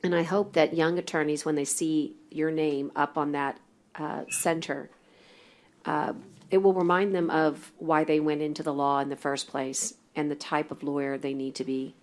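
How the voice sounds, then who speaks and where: A woman who is a county judge chairs a public meeting and speaks in a gracious, measured, formal way. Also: sits low, steady tone.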